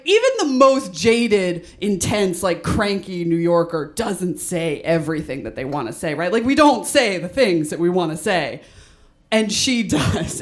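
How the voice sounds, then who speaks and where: A young woman from New doing a stand-up comedy set, chatty and self-deprecating, laughing at her own jokes. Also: mid-range voice. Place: small studio stage with audience.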